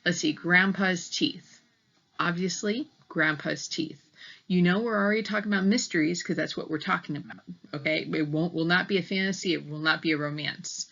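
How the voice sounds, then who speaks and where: A woman teacher reads a story aloud to children, explaining patiently and asking "okay?" after each point. Her lowish voice is gravelly with a fairly bright tone at a normal speed, and the audio is slightly muffled.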